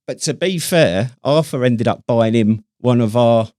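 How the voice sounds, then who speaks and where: A man's voice: mid-range voice, unhurried, mellow, dry recording. British guy co-hosting a podcast at a mate's house, rambly chat with lots of "wasn't it", dry room. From Britain. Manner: chatty, rambling, tag questions, laughs easily. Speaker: podcast co-host. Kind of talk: casual chat. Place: at a friend's house, indoors.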